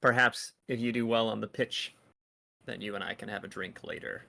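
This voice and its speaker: Cool all-knowing mystery lady, a guy doing her in his own low gravelly voice. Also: fairly even intonation, moderate pace, a crowd in the background.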